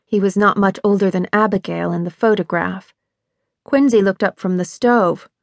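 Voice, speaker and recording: A woman narrating a suspense novel with a measured, even delivery. Her voice sits at a middle pitch. It is recorded close in a dry studio with no room sound. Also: vocal fry, dry recording. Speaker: audiobook narrator. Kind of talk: scripted narration.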